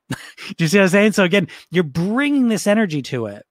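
A man's voice: sits high, sing-song, brisk, no room sound, studio quality. A man giving a casual coaching lecture, upbeat, checking in with "right?" often. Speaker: weight-loss coach.

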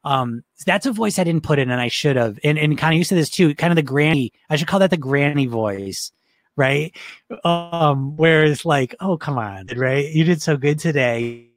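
A man's voice: on the high side, expressive, normal speed, dry recording. Upbeat man coaching in dry close sound. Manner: upbeat, rambling, frequent restarts and laughs. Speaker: weight-loss coach. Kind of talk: live online coaching session, reading chat comments.

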